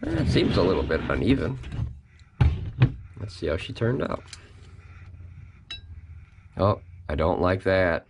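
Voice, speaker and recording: A man's voice: sits low, sing-song, a little slow, creaky, pauses often, noisy background. A man hosting a casual product review vlog, chatty and folksy, talking straight to his viewers from a home kitchen.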